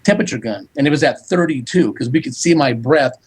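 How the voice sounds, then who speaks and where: A man talking as a psychic medium guest, recounting events in animated storytelling and quoting back-and-forth dialogue. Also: mid-range voice, fast talker, slightly rough, rough recording. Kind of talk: storytelling in a radio interview.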